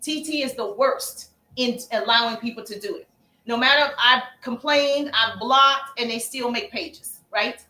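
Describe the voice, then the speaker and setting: Chatty high-voiced woman hosting a live stream. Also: unhurried, bright, forceful tone, echoey room. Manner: chatty, calls viewers baby, acts out sample messages. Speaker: livestream host and sales coach. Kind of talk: casual livestream coaching.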